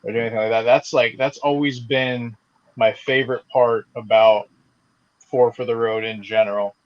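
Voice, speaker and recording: A man's voice: medium pitch, fairly even intonation, moderate pace. Male podcast co-host from the South, rambling and profane, on dull lo-fi audio. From American South. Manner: rambling, swears freely, says "like" a lot. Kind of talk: casual chat.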